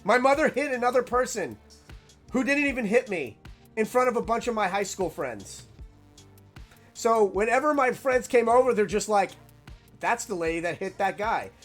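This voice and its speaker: Animated, high-voiced young man telling stories. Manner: animated, rambling, lots of "like" fillers. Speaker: storyteller. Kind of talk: casual storytelling monologue.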